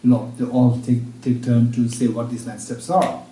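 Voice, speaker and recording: Very dark-voiced male teacher, roomy and distant. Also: medium pitch, flat delivery, slight background noise. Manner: repeats each point slowly, as if dictating; halting restarts, checks in with listeners. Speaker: Buddhist teacher. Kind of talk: dharma teaching at a retreat. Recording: roomy room, speaker far from mic.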